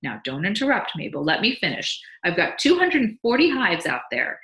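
A woman's voice: medium pitch, big pitch swings, normal speed, pushed and bright, voice pushed up. A woman voicing a sly, boastful male beekeeper who teases his wife, in a read-aloud story. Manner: teasing, pleased with himself. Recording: echoey room.

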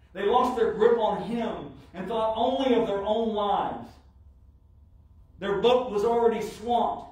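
A man with a high voice preaches slowly, leaning on each phrase with dramatic pauses. The sound rings heavily around a church sanctuary, as if the microphone sits well away from him. Every word carries the measured cadence of a Sunday sermon. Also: a little mellow. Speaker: pastor. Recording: very echoey church, mic from far off.

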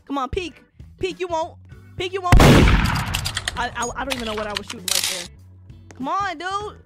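Lively high-voiced woman streamer. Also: moderate pace, loud music behind the voice. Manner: excitable, shrieks and laughs often. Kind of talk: live gaming commentary.

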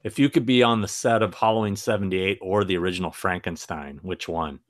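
A man's voice: low-pitched, a little fast, no echo, clean studio sound. A man co-hosting a live horror podcast in casual chat, playful and prone to restarts. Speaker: podcast co-host.

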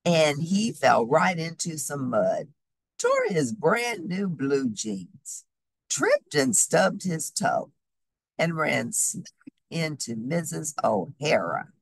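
Storybook reader, woman: slow pace, husky, gravelly, lively pitch, dry sound. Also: dry recording. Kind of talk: reading a children's book aloud.

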